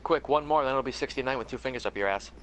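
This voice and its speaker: A man's voice: medium pitch, racing, fairly bright tone, a little hiss or hum. A young man playing a game with friends, playful and giggly, cracking jokes and sometimes putting on silly voices. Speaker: co-player. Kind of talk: casual gaming chat.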